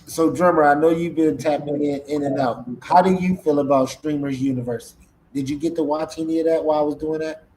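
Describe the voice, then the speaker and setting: This man hosts a casual, laid-back live-stream podcast, often repeating his words. His fairly high voice moves a little fast with fairly even intonation and a slightly mellow quality, and the low-quality recording carries slight background noise.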